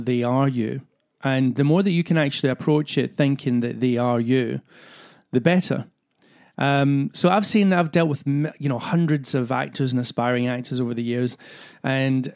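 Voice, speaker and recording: A man talks through his ideas on acting for a podcast. He explains earnestly, working his thoughts out aloud with fillers and restarts. His pitch sits in the everyday middle range. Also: a little mellow. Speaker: acting coach, podcast host. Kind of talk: solo podcast talk.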